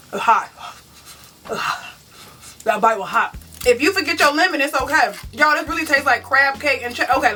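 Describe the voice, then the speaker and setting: Chatty high-voiced woman, bright tone. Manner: chatty, self-mocking, talks straight to viewers as "y'all". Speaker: vegan cooking channel host. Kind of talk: casual cooking vlog chat. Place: home kitchen. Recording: distant mic with faint music.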